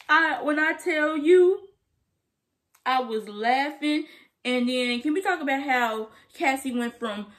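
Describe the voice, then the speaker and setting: A young woman casually recapping a TV episode to camera, animated and emphatic, full of slang and laughter. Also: high-pitched, slow, pauses often. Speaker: TV episode reviewer.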